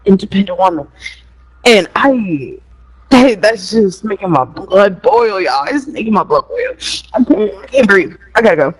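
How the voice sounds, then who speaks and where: A woman's voice: medium pitch, animated, moderate pace, husky, low-quality recording. A young woman, rambling emotionally on a live stream, swearing and laughing nervously, close to tears. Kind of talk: casual live stream chat.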